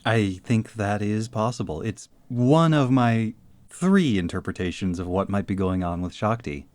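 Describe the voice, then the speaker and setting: Podcast co-host, man, measured delivery with dry humor, lower register. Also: animated, a little mellow, dry recording. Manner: dry joking, measured and reflective. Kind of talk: casual analytical chat.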